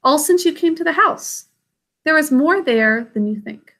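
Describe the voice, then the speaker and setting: A woman voicing a gentle, wise old grandmother who speaks in a calm, measured way. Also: high-pitched, pitched above the performer's own voice, full character voice.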